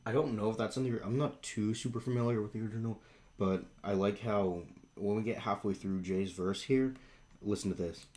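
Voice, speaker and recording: A man reacting to a song and explaining music terms, counting beats aloud and singing snippets in a rough morning voice. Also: fairly low pitch, steady tone, brisk, darkish tone. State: morning voice, rough on high notes. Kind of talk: casual reaction and music analysis.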